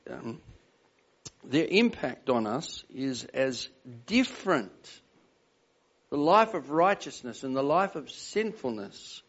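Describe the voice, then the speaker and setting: Earnest older male preacher, lo-fi. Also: medium pitch. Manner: earnest, emphatic, asks the congregation questions. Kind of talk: sermon. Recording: dull lo-fi sound.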